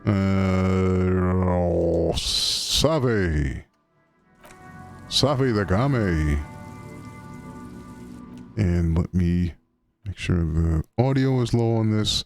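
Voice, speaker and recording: A man's voice: deep voice, extremely slow, pauses often, soft background music. A man casually commenting while playing a game on a live stream, rambling and swearing and riffing on slang.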